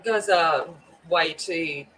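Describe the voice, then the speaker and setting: A woman's voice: deep voice, slow pace, pushed and bright, a little hiss or hum, poor audio. A woman hosting a coloring livestream, chatting casually and greeting viewers by name. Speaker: livestream host. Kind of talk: casual chat while coloring.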